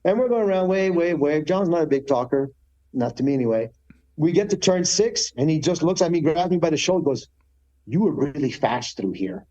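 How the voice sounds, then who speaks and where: A man telling lively stories as a guest in a podcast interview, acting out other people's voices with big jumps in pitch. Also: fairly quick, muffled recording. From Canada. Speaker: guest, retired motorcycle racer. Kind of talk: animated storytelling in a podcast interview.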